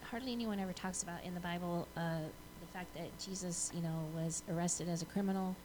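A woman from the audience asking a question, halting, with many ums and restarts. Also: lowish voice, steady tone, background noise.

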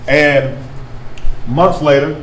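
A man's voice: on the high side, steady tone, drawn-out words, fairly bright tone. A man leading a discussion with an audience in a meeting room. He talks casually, often repeating back what people say. He is picked up from a distance in an echoey room with faint background hiss. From rural North Carolina. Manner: conversational, repeats and reflects back answers. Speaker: speaker leading a group workshop.

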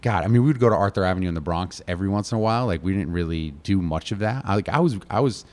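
A man from Connecticut, a chef and restaurant owner, telling family stories in a casual interview, animated and quoting his relatives, with lots of "like". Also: low-pitched, rapid-fire. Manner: animated, quotes family members, heavy use of "like".

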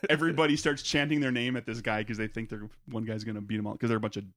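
A man's voice: on the low side, steady tone, racing, fairly bright tone, no room sound. A man co-hosting a podcast, joking and teasing his friends in casual chat and laughing often. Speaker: podcast co-host.

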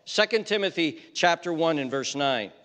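A man preaching a sermon, stressing his points firmly and slowing right down when he reads scripture. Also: fairly high pitch, animated, a bit bright, big-room sound. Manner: emphatic, slows down hard on scripture quotes. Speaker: pastor. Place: church.

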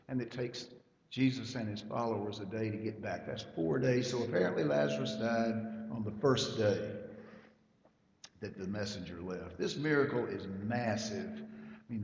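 A man's voice: on the low side, darkish tone, slight background noise. A man preaching a sermon, emphatic and rising in volume at key points. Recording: lo-fi hall recording with long reverb.

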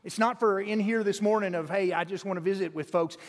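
A man delivers a sermon from the pulpit, spinning a folksy story with animated bursts and frequent restarts. His voice sits fairly high for a man. The sanctuary gives it a long, ringing reverb. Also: a little fast. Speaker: preacher. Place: church sanctuary.

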